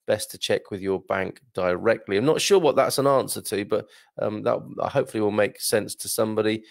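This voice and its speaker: A man's voice: on the low side, a little fast, gravelly, no echo, studio quality. A man hosting a casual livestream, reading out viewer comments, chatty and hesitant with lots of fillers and frequent laughter, his throat a little strained. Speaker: livestream host.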